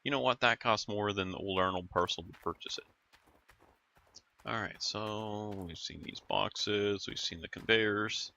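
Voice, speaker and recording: A man with a low, gravelly voice talks casually through his gameplay, thinking out loud and rambling with lots of ums. His tone is bright and forceful despite the low pitch, with faint game ambience behind him. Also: unhurried, dull audio, a little hiss or hum. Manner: rambling, musing aloud with fillers. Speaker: gaming YouTuber.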